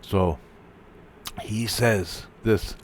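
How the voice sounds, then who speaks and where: A man's voice: lowish voice, steady tone, slightly rough. A man telling a personal spiritual story in a casual monologue, swearing and stopping to restart his sentences. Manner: profane, halting, restarts often. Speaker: vlogger.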